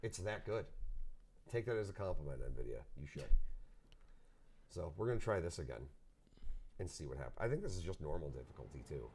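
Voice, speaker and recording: A deep-voiced man with a cold talks through a live gaming stream, excitable and jokey as he reacts to the action. Steady background noise sits under his voice. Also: brisk, pauses often. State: getting over a cold. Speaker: streamer playing the game live. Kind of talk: live gameplay commentary. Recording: noisy live stream audio.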